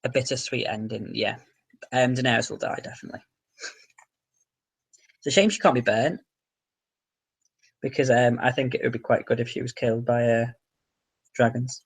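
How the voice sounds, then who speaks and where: A man's voice: mid-range voice, steady tone, normal speed, long pauses, breathy edge. A man livestreaming, casually reading viewer comments and answering questions in an offhand, chatty way.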